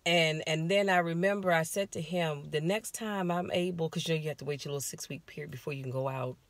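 In a low voice and at a quick pace, an American life coach sits in her car and animatedly confides a personal story, talking straight to her listeners. There's no echo.

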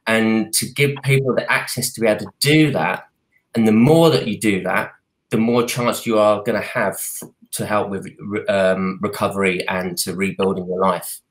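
A man with a Cockney accent, speaking earnestly in a halting way over a video call from his home computer, with many restarts and fillers. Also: fairly low pitch, steady tone. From United Kingdom. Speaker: artist and advocate. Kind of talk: live video call interview. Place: apartment at home.

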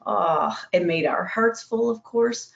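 An upbeat man from a transportation team tells lively stories on a video call. His voice is fairly high with a gravelly edge, and the audio comes through dull and lo-fi. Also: takes it slowly, a little hiss or hum. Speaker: school transportation panelist. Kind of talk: casual panel talk.

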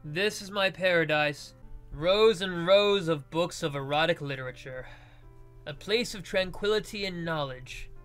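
A man's voice: on the high side, a little slow, fairly bright tone, clear, resonant tone, soft background music. A man voicing a shy bookish teenage boy. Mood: dreamy. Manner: dreamy, flustered.

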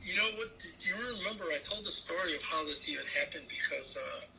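A man as a guest in a casual interview, telling stories in a rambling, animated way. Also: on the high side, brisk, gravelly, a little hiss or hum, poor audio.

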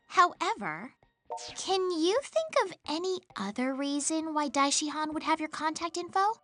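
A woman voicing a cool, scheming young idol in a video game, who talks in a teasing, condescending, measured way. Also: high voice, bright, forceful tone, exaggerated voice.

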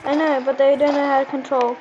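Brief: giggly woman co-player, high voice, lo-fi and hissy recording. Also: quick pace. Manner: playful, giggly, bossy with directions. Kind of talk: gaming commentary. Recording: muffled recording with steady noise.

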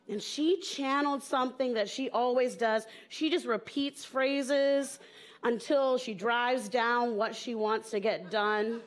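A woman comedian from the American South tells playful stories to a live audience on stage. Her voice sits high and she takes her time. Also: takes it slowly. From southern United States. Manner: playful, storytelling with jokes. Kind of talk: stand-up talk on stage.

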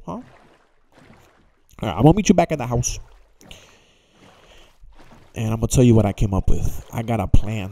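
A man's voice: medium pitch, sing-song, moderate pace, pauses often, mellow. A young man giving casual, jokey gameplay commentary, talking to himself and to the characters in the game. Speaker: gaming YouTuber.

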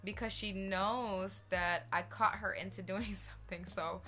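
A woman giving casual dog-training advice in a vlog, talking in an animated, expressive way. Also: medium pitch, a little slow.

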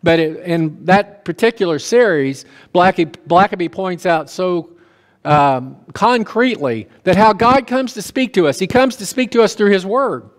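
A man's voice: sits high, animated, moderate pace, big-room sound. A man pastor preaching a sermon in a folksy, conversational way, with asides and questions to the congregation. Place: church sanctuary.

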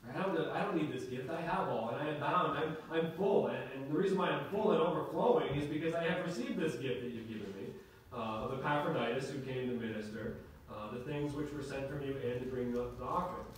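A man preaching a sermon to his congregation, conversational and warm in delivery, often restarting his phrases. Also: mid-range voice, fairly quick, a little hiss or hum. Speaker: pastor. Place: church sanctuary. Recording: echoey hall from far off.

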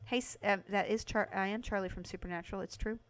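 A woman livestreaming a house renovation game, chatting casually with her viewers and breaking into excited bursts. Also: medium pitch, quick pace. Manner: chatty, talks to chat by name, excited bursts. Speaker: livestream host playing a video game. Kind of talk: casual live game commentary.

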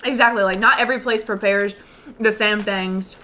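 A woman's voice: medium pitch, fairly even intonation, moderate pace, bright, forceful tone. A woman co-hosting an eating show, chatting in an easygoing, giggly way between bites. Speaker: mukbang co-host. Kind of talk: casual chat while eating.

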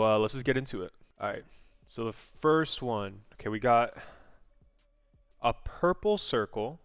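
A young man casually vlogging a daily guessing game, thinking aloud, excitable and swearing freely. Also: mid-range voice, no room sound. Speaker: gaming content creator. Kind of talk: casual gaming vlog commentary. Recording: dry, slightly muffled home mic.

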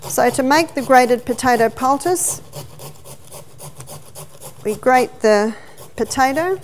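A woman's voice: sits high, lively intonation, slow pace. A middle-aged woman, a health educator, giving a teaching seminar with a demonstration. She tells stories and explains each step. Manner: story-telling, explaining step by step.

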